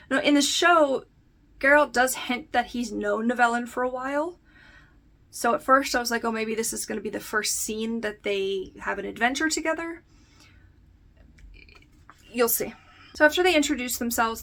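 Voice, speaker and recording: A woman's voice: fairly high pitch, fairly bright tone. A young woman casually recapping a fantasy novel against its TV adaptation, chatting with many fillers, laughing often and reading short passages aloud. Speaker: book reviewer. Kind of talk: casual book-versus-show recap.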